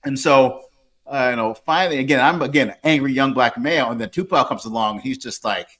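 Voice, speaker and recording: Guest author, man in his 40s, crisp forceful tone, rambling casual talker. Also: mid-range voice, fairly quick. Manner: rambling, lots of fillers and restarts. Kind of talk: casual interview talk.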